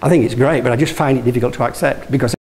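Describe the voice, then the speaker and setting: A man's voice: medium pitch, very fast, darkish tone, low-quality recording. Anecdotal male motivational speaker. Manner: anecdotal, engages audience with questions; restarts and self-corrections. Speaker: guest speaker. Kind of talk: motivational talk.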